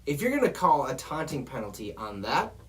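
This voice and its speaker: A man's voice: mid-range voice, sing-song, fairly quick, a bit bright. A man hosting a football show, ranting in a profane, exasperated way straight to his viewers. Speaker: sports show host. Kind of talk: heated football rant.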